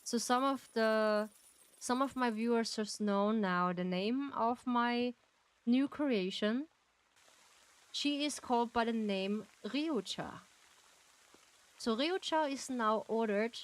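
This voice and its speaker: A woman with a fairly high voice chats slowly while live-streaming a game, gushing and giggling often as she thanks her chat. The recording quality is low.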